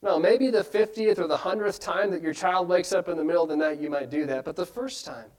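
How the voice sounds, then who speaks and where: Male preacher with a high voice, earnest sermon delivery, keeps posing questions to the congregation. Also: a little fast, a little mellow, poor audio. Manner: earnest, asks many rhetorical questions.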